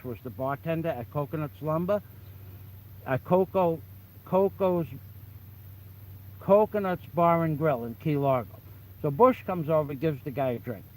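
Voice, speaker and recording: A man telling a story from his past in a blunt, animated way, swearing constantly and often restarting his sentences. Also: on the high side, low-quality recording. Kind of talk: casual profane storytelling. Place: the Philippines.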